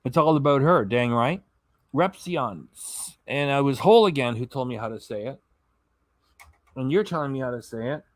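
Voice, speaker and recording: A man hosts a live stream in a loose, chatty way, reading viewers' messages aloud and stumbling over names. He sounds tired and yawns now and then. His voice sits at an ordinary pitch and is recorded dry and close. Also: expressive, normal speed, dry recording. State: tired, yawning. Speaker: reaction channel host reading live chat. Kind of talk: casual livestream chat.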